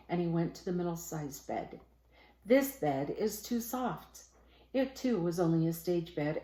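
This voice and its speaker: A woman teacher reading a children's storybook aloud, giving the characters lively voices. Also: on the low side, echoey room.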